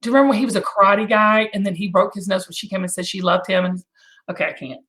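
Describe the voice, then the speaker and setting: A woman's voice: medium pitch, steady tone, fast talker, a bit bright. A middle-aged woman hosting a casual live chat, gushing and exclamatory, now and then breaking into song. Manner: gushing, exclamatory, bursts into singing. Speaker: host.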